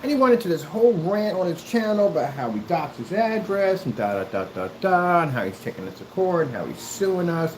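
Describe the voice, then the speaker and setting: A man's voice: high-pitched, sing-song, fairly quick, hardly any pauses, a little mellow, echoey room, a little hiss or hum, poor audio. A man ranting in a callout video, combative and mocking, who keeps repeating himself. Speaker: YouTuber.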